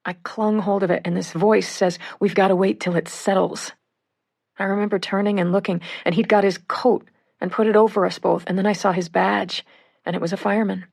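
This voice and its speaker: A woman reading first-person witness accounts for an audiobook in a measured way. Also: medium pitch, fairly even intonation, gravelly, darkish tone. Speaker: audiobook reader.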